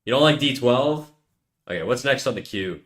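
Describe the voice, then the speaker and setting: A man talks casually to his stream while he draws, ribbing the people in it. His voice sits at an ordinary middle pitch. He slips often into soft muttered asides. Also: animated, normal speed. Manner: joking, teasing banter with quiet mumbled asides. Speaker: livestreaming artist.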